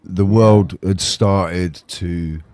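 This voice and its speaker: A man chatting on a podcast in a halting way, with frequent ums and restarts. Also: low-pitched, steady tone, a little mellow, smooth, dry recording. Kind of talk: casual podcast chat.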